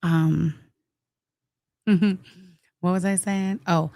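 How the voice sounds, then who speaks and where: A woman's voice: on the low side, fairly even intonation, very slow, vocal fry, a little mellow, no room sound. A woman, sick with the flu, chatting on a livestream and thanking viewers. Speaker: livestream co-host. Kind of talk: casual livestream commentary.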